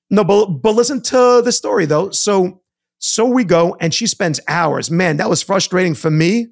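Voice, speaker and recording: A man co-hosting a podcast, telling a story in a casual, animated way and often repeating words. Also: high voice, moderate pace, creaky. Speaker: podcast co-host. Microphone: studio mic.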